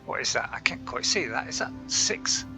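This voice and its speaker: A man's voice: mid-range voice, sing-song, normal speed, vocal fry, bright, forceful tone, soft background music. A man rambling casually through gameplay commentary, chatty and laughing often, talking to himself. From Bristol, England. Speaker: gaming channel host.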